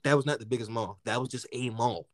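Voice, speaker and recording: A young man from the United States telling a story in casual chat, animated and profane, often laughing. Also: medium pitch, fast talker, no echo, clean studio sound.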